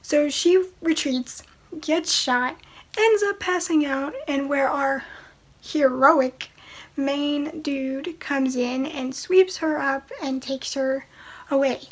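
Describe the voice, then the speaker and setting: A woman's voice: sits high, slow. A woman casually reviewing a movie in a chatty, opinionated way, with exasperated asides.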